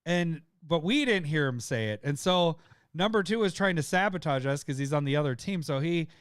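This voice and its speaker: A man co-hosting a podcast, telling a story in casual chat, laughing often and putting on loud voices of his friends. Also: a little high, a little fast, clean tone, no echo, clean studio sound. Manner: laughing, animated storyteller who shouts impressions of friends. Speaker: podcast co-host.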